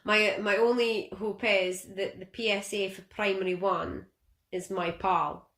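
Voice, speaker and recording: Scottish woman co-host, lively anecdotes, roomy recording. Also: mid-range voice, measured pace. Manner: animated storyteller, laughs a lot. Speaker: podcast co-host. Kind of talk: casual chat.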